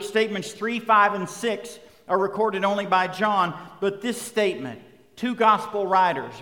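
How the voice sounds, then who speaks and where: A man with a high voice delivers a sermon in steady, emphatic refrains that swell toward loud peaks. His words ring out with a long reverb trailing behind them, as if he is speaking in a large hall. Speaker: pastor.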